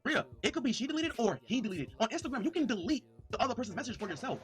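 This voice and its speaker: A man livestreaming, excitedly reading messages aloud and talking straight to his chat. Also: extremely high pitch, rapid-fire, soft background music. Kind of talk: livestream commentary.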